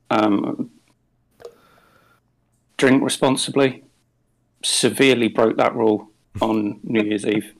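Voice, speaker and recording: A man's voice: medium pitch, vocal fry, rough recording. A man hosting a casual podcast, dry and understated, with frequent ums. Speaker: podcast host. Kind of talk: casual chat.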